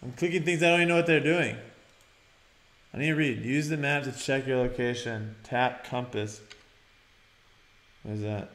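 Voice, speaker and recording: A young man hosting a let's-play, reading game prompts aloud and breaking into loud, excited shouts. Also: medium pitch, moderate pace, long pauses. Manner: energetic, bursts into loud shouts, reads on-screen prompts aloud. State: sore mouth after dental work. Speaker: gaming channel host. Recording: roomy home recording with game music behind.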